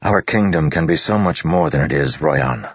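Narrator doing a weary older prince, measured and earnest, husky and dry on a muffled recording. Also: male voice, extremely low pitch, animated, dry recording, exaggerated voice.

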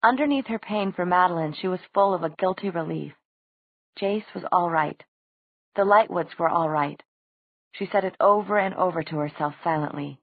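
Woman audiobook reader, husky and lowish, thin phone-like dry sound. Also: moderate pace, no echo. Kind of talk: scripted narration.

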